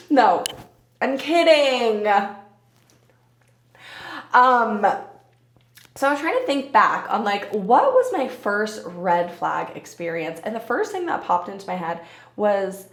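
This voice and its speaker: A woman's voice: on the high side, very animated, slow pace, pauses often, reverberant. A young woman in her twenties hosting a casual solo podcast, candid and swearing freely, often breaking into laughter. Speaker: podcast host.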